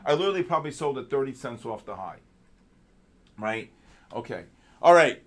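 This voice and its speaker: A man hosting a live trading stream, talking excitedly and chatting with viewers as he goes over the markets. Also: mid-range voice, normal speed. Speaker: host.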